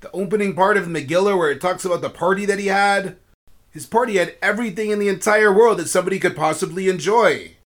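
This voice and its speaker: A man's voice: sits high, quick pace, a bit bright, voice pushed up. A man voicing an earnest, well-meaning young boy in a storybook tale, explaining eagerly.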